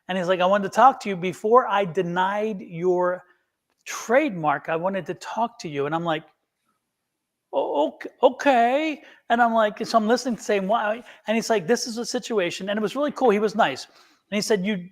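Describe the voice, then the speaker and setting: A man hosting a live tarot stream, telling a long story in a rambling way and acting out both sides of a phone call. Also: sits high. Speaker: tarot reader, show host.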